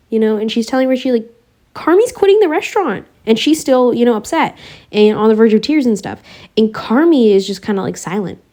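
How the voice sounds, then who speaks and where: This YouTuber is a young woman with a warm, mid-range voice. She breaks down a TV show casually for her audience, talking in slang and wandering off topic as she rambles.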